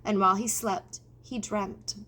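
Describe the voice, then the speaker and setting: A woman narrating a children's storybook aloud in an expressive way. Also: medium pitch, a little slow. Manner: expressive, addressing the reader. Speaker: audiobook reader.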